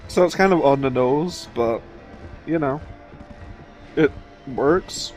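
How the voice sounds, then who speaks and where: A man's voice: medium pitch, lively intonation, takes it slowly, darkish tone, faint music behind. A man hosting a let's play, chatting casually, thinking aloud and swearing freely as he plays. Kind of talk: casual gameplay commentary.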